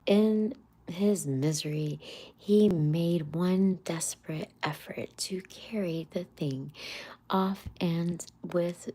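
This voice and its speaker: A woman reading a classic children's book aloud on a livestream in a soft, breathy half-whisper. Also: fairly low pitch, slow pace. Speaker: livestream story reader.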